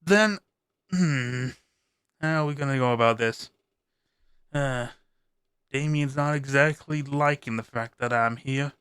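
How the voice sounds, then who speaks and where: A man's voice: mid-range voice, measured pace, pauses often, fairly bright tone, smooth, no room sound, clean studio sound, lightly acted. A man voicing a crude, scheming vampire who gives blunt, profane orders in a tabletop game.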